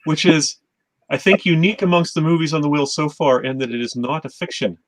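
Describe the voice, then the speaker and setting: A man's voice: a little high, brisk, dry recording. A man at an online movie night, giving dry, knowing remarks about films. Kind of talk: casual group chat.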